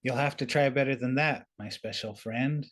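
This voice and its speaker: A man voicing Eagle, a watchful, wise bird who answers calmly and agreeably. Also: medium pitch, normal speed, lightly acted. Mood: knowing. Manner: calm, agreeable, quietly knowing.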